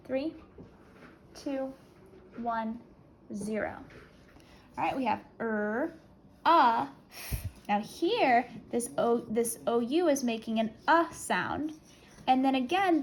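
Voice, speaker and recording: A woman teacher dictates spelling words in a slightly raised, patient voice, taking her time over every sound. She counts down calmly before checking the letters with her class. A faint hiss sits under the recording. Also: a little high, rough recording. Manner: slow, clear, deliberate word-by-word dictation with countdowns.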